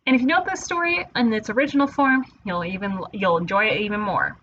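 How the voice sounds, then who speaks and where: A woman teacher reading a children's picture book aloud, playful and expressive. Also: medium pitch, fast talker, dull audio, a little hiss or hum.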